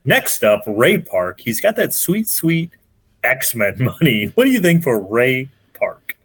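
A man's voice: medium pitch, sing-song, slow, fairly bright tone, slightly rough, no echo. A man with a mid-range voice leads a podcast segment in casual chat. He sounds upbeat and laughs easily, recorded dry with no room sound. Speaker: podcast co-host.

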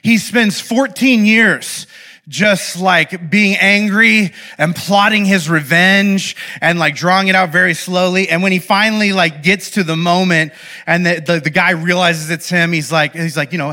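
Bright, lively, high-voiced man speaking. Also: moderate pace. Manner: animated, playful, with asides that check in with the audience. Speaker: speaker addressing an audience. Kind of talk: lively talk to a live audience.

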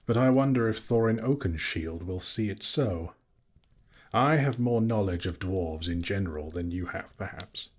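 A man voicing a regal, wise elf king who speaks formally and with measured calm. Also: deep voice. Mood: stately.

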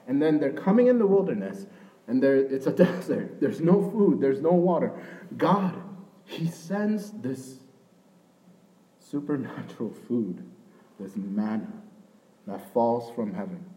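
In poor audio, a young pastor delivers a sermon in a conversational style with a mid-range, animated voice at a measured pace. He shifts between loud emphasis and hushed asides, habitually checking with "right?".

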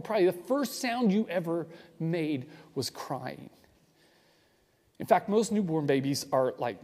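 A conversational preacher in a reverberant hall. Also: male voice, a little high, darkish tone. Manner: conversational, asks the audience questions. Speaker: pastor. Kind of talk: sermon.

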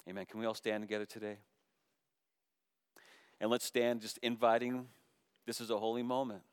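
Deep, smooth-voiced male pastor preaching. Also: level tone, normal speed, no echo, studio quality. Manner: swings from loud impassioned preaching to soft, hushed appeals. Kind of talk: sermon.

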